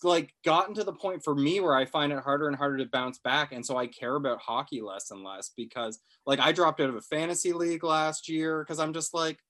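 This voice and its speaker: A man's voice: a little high, a bit bright. A man in his thirties, co-hosting a podcast, talking bluntly and getting emphatic about his opinions. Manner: blunt, contrarian, rising to emphatic. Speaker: podcast co-host. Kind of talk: casual podcast chat.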